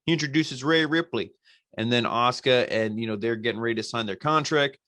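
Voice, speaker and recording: A man's voice: medium pitch, fairly quick, sharp tone, no room sound. A man hosting a podcast, recapping a show casually in a blunt, profane, exasperated way. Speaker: podcast host reviewing wrestling.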